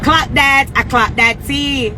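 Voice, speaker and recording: A woman's voice: high voice, steady tone, slow, noisy background. A woman with a Jamaican accent chatting on a livestream from a moving car, brash and hyped, trash-talking and laughing. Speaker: singer on a livestream. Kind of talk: casual livestream chat.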